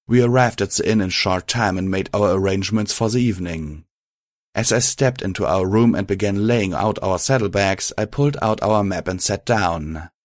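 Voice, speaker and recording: A man reading a first-person fan fiction story aloud, steady and even. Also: low voice, normal speed, no room sound, clean studio sound. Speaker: narrator.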